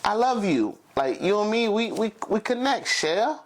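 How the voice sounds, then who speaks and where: A man voicing a smooth-talking Cajun male mutant who pleads and coaxes a woman. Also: high voice, very animated, unhurried, full character voice. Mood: coaxing. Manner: pleading, coaxing.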